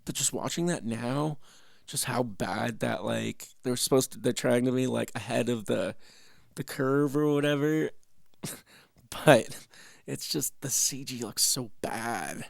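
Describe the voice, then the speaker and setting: A man's voice: mid-range voice, measured pace, creaky, dry recording, clean studio sound. A man from Canada hosting, giving casual, rambling, profane reaction commentary with laughing asides at a home desk mic. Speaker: host.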